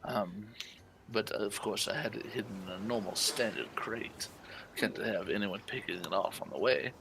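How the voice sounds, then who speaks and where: Gravelly-voiced man role-playing smoothly. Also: fairly low pitch, normal speed, background noise. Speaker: player. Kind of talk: tabletop role-play, partly in character.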